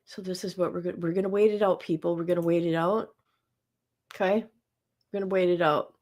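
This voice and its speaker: A woman's voice: fairly low pitch, fairly even intonation, brisk, a little mellow. A woman hosting a livestream in casual chat, talking straight to her viewers and repeating herself as she goes. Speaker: livestream host.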